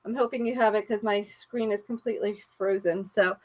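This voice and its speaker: A woman's voice: mid-range voice, fairly even intonation, fairly quick. A woman life coach leading a live-streamed coaching session, playful and encouraging in a chatty way.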